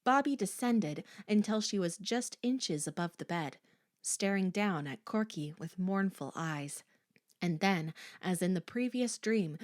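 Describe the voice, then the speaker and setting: A woman narrating a horror audiobook in a slow, hushed, suspenseful manner. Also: lowish voice, no echo, clean studio sound.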